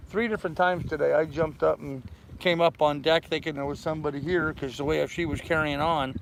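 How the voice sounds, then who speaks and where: A man's voice: fairly high pitch, steady tone, a little fast, vocal fry, slight background noise, low-quality recording. An older man hosting a casual livestream from his sailboat, rambling along in a folksy way and greeting chat viewers by name. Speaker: channel host. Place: aboard a sailboat on a mooring.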